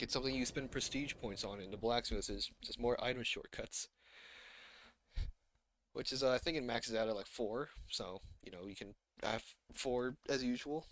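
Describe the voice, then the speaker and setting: A man's voice: mid-range voice, fairly bright tone, dry recording. Rambling man narrating a game stream. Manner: rambling, self-correcting, chuckles to himself. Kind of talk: casual gameplay commentary.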